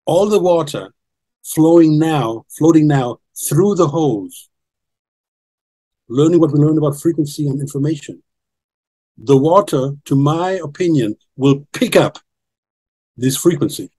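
Husky older man explaining insistently. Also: fairly high pitch, unhurried, long pauses, warm tone, low-quality recording. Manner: earnest, insistent, repeats key points. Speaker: documentary guest presenting research. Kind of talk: explanatory interview talk.

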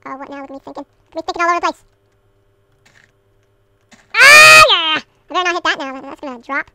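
A man's casual gameplay commentary sped up into a chipmunk voice, chattering with excited outbursts. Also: very high voice, very fast, pitched above the performer's own voice, full character voice.

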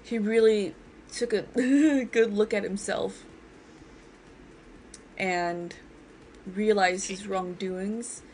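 A woman's voice: mid-range voice, fairly even intonation, very slow, long pauses, a little mellow, a little hiss or hum. A woman ranting in a blunt, profane, emphatic way in casual talk. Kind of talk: casual rant.

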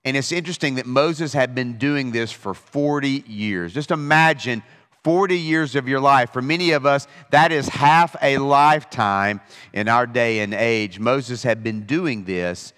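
A male pastor teaches a relaxed Bible study and talks to viewers at home, restarting his phrases now and then. His voice sits at a middle pitch. Long reverb trails behind his words in the room. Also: a little slow. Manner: conversational, with repeated restarts.

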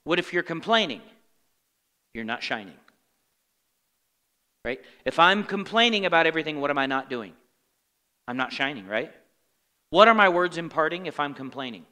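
A pastor preaches a Bible study sermon in a church sanctuary, his voice bright and lively under a long church-hall reverb. He keeps it animated and conversational, tossing fill-in questions to the congregation and dropping into low, muttered asides that mimic grumbling complainers.

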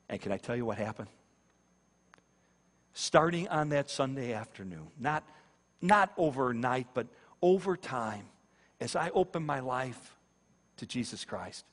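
A man's voice: medium pitch, big-room sound. A man giving a sermon-style personal testimony, telling his story vividly with repetition and acted quotes.

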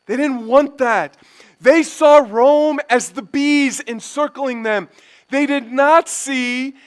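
A man pastor preaching a sermon, building from quiet stretches to loud, emphatic passages. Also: very high voice.

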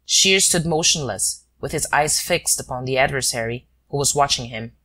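Low-voiced woman narrating an audiobook. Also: normal speed, bright, forceful tone. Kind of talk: scripted narration.

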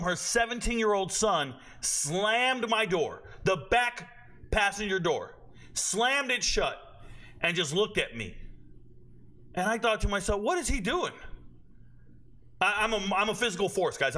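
A man's voice: sits high, animated, a little slow, bright, forceful tone. A man hosting his channel, telling a story in a blunt, boastful way and acting out what people said. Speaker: channel host. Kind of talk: storytelling monologue.

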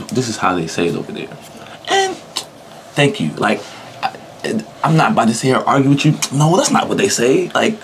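A man's voice: medium pitch, slight background noise, rough recording. A young man talking casually as an interviewee, in loose, slangy speech and often breaking into laughter. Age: young adult. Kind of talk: casual chat.

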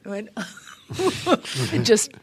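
An older woman guest talking in a large studio room, a lively storyteller who acts out quotes, her voice a little harried. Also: on the low side, measured pace, a little hiss or hum. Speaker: guest actress. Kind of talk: casual storytelling interview.

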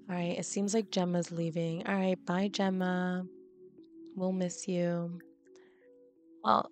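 A woman's voice: on the low side, a little mellow. A young woman giving casual commentary over a life-sim game, giggly and reactive, laughing and exclaiming often. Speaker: let's play host.

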